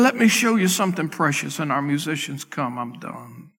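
Impassioned preaching man, higher voice. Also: sing-song, normal speed, hardly any pauses, slightly rough, in a large hall, faint music behind. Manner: impassioned preaching, rising to loud peaks and dropping to hushed tones. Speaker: pastor. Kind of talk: sermon. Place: church sanctuary.

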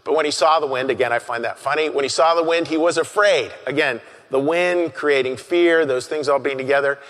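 A male pastor delivers a sermon in an earnest, halting way, pausing and repeating his key phrases. His voice sits a touch high for a man. The sound rings with a long reverb, as in a large hall. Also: fairly bright tone.

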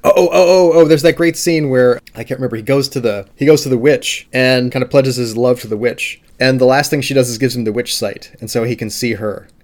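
A man co-hosting a book podcast, retelling the plot with lively enthusiasm. He laughs often and trips over his words as he restarts sentences. His voice sits in an ordinary middle register. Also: mid-range voice, fairly quick, hardly any pauses. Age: adult with wife and daughter. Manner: animated retelling, frequent laughs and stammered restarts. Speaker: podcast co-host. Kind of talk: casual book discussion.

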